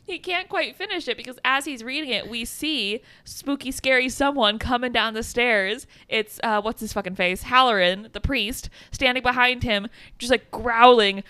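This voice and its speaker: Bright, giggly woman podcast co-host. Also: fairly high pitch, smooth, dry recording. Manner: giggly, narrates the plot in quick asides. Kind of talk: casual film recap chat.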